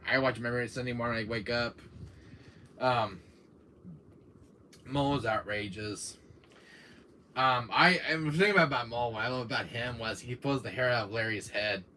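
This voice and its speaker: A man hosting a casual gaming stream, rambling along with lots of fillers and laughs. His voice has a bright, sharp edge, and a faint hiss sits under it. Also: medium pitch, normal speed, pauses often. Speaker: gaming channel host.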